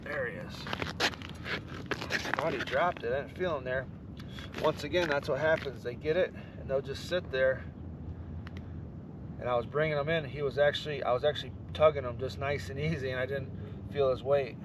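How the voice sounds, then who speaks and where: A man, excitedly talking to viewers while ice fishing on a frozen lake. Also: medium pitch, moderate pace, pauses often. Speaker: fishing vlogger. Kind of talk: casual outdoor commentary. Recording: outdoor wind noise, distant mic.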